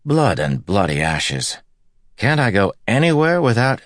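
A man's voice: medium pitch, very animated, normal speed, no echo, studio quality, pitched above the performer's own voice. A man voicing a sardonic, swearing male street fighter in audiobook dialogue, talking in a wry, exasperated grumble.

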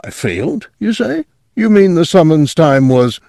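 A man's voice: on the high side, very animated, measured pace, creaky, a little mellow, dry recording, clean studio sound, pitched above the performer's own voice, heavily acted. A man voicing a sleepy talking dog who is flustered and apologetic.

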